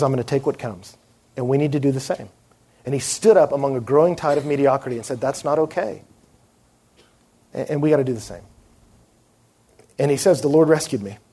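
A young man preaching a sermon, telling a lively story and acting out the people in it. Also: mid-range voice. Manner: animated storyteller acting out quoted voices.

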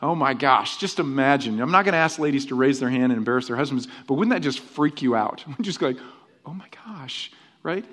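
A middle-aged man preaching a conversational sermon as pastor, animated and often tagging his points with rhetorical questions. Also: medium pitch, fast talker, hardly any pauses.

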